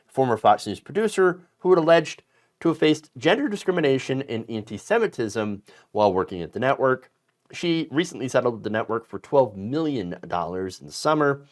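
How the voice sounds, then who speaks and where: Indignant male political commentator, very lively pitch. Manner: indignant, emphatic, frequent fillers and restarts.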